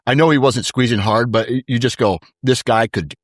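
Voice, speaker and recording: A man in casual conversation, telling anecdotes in a laid-back, animated way and saying "dude" often. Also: medium pitch, fairly quick, no echo, studio quality. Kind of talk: casual chat.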